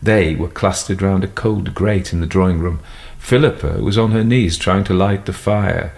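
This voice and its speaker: A man narrating a classic detective story in a measured storytelling manner. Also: sits low, vocal fry, a little mellow. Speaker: audiobook narrator. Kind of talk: scripted narration.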